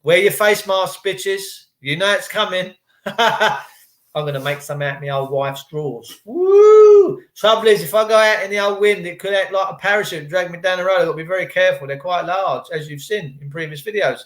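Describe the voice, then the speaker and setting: A man's voice: sits high, a little fast, hardly any pauses, fairly bright tone. A man vlogging a rambling, preachy spiritual monologue to his viewers in casual slang. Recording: echoey room.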